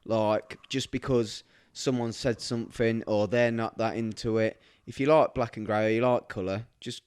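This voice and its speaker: A man's voice: mid-range voice, fairly even intonation, moderate pace, darkish tone, clean tone, no room sound. A man, a tattoo artist co-hosting a casual podcast, teasing his partner and laughing often. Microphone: podcast microphone.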